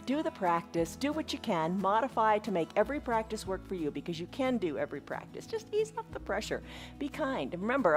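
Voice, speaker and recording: A woman's voice: on the high side, a bit bright. A woman teaching a live online yoga class, encouraging and upbeat, with laughs between her cues. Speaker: yoga instructor.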